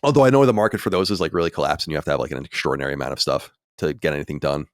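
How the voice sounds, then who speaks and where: A man hosting a podcast in casual chat, animated and swearing, with many restarts. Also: rumbling low, rapid-fire, dry recording, clean studio sound. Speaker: podcast host.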